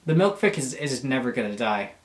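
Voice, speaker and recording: A young man and YouTuber reading aloud for laughs, animated and crude, breaking off for mock-offended jokes. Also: medium pitch, fairly quick, roomy sound. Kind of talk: comedic reading aloud with asides.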